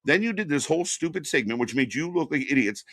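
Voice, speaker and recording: A wrestling commentary host runs a casual podcast chat, ranting bluntly and swearing a lot. His voice sits on the high side, a little bright and expressive, and he talks fast. The studio-quality recording has no echo.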